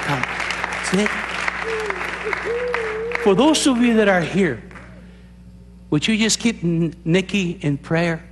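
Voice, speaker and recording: A pastor giving an altar call in church, urging people again and again to come forward and pray. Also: male voice, sits high, expressive, slow, long pauses, crowd noise, noisy background. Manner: pleading, repetitive urging. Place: church with congregation.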